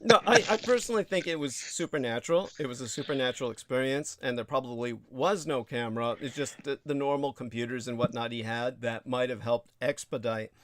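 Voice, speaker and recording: A man hosting a livestream in casual chat, stammering and breaking into laughter, his voice jumping high when amused. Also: a little fast, hardly any pauses, fairly bright tone. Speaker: livestream host.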